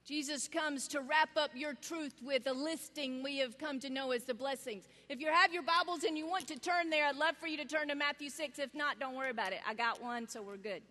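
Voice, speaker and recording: High-pitched lady preaching, acts out the voices in her story, big echoey hall sound. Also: brisk, few pauses. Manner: animated storytelling, acting out quoted voices. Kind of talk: sermon. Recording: long reverb of a large hall.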